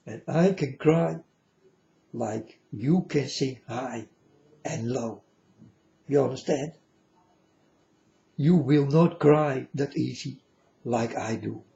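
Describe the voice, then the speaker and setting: A man's voice: mid-range voice, slow pace, creaky, pauses often, warm tone, highs cut off. A man giving an earnest, solemn monologue to his viewers, repeatedly calling them folks. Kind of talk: emotional monologue to camera.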